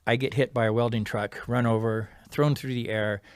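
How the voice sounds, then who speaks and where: A man, a guest on a talk show, tells a personal story in a lively way, acting out the other people's lines and dropping to a hush at key moments. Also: medium pitch, moderate pace, clear, resonant tone, no echo, clean studio sound. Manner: animated, acts out quoted dialogue; drops to a quiet, hushed tone at key moments. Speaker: podcast guest. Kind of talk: storytelling in casual interview.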